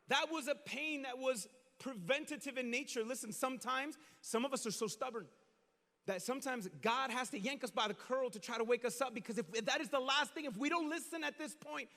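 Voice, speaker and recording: A man preaching a sermon as pastor, talking casually to the congregation and telling stories with lively acted-out moments. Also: very high voice, moderate pace, long reverb tail. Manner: animated storytelling, acts out shouts and quotes.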